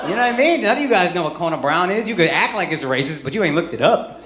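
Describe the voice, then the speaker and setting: A man's voice: high-pitched, lively intonation, fast. Brash, profane man doing crowd work. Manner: brash, profane, mock-outraged. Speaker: stand-up comedian. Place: comedy club stage with live audience. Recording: echoey club with loud crowd laughter.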